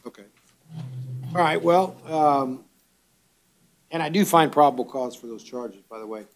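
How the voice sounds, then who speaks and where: A judge reads out charges and bond conditions in a measured, formal manner. His voice sits somewhat high for a man. He pauses on fillers as he talks. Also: animated. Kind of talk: courtroom bond hearing.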